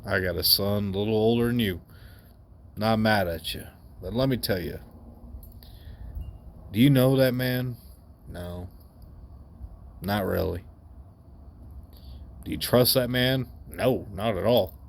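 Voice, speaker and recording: A man voicing a stern older male family friend who lectures a boy bluntly and gravely. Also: fairly low pitch, takes it slowly, long pauses. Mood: earnest.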